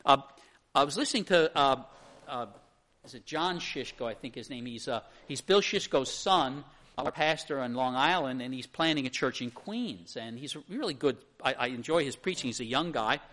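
A man's voice: mid-range voice, animated, moderate pace, a bit bright, rough recording. A male pastor with a Pennsylvania Dutch accent, teaching a Sunday school class in a conversational, rambling way full of anecdotes.

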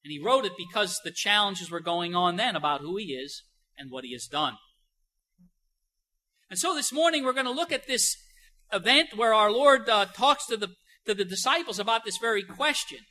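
A man preaching a sermon as pastor, emphatic, with many rhetorical questions and "you know" fillers, moving between soft and loud emphasis. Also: high-pitched, expressive, moderate pace, rough recording.

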